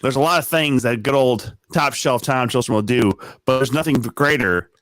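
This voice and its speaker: A man co-hosting a rowdy podcast, his voice mid-pitched and close. It sounds dry on the mic. He jokes loudly and gushes thanks at a supporter. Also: moderate pace, no room sound. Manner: loud, joking, thanks donors effusively. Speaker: podcast co-host. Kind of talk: rowdy casual chat.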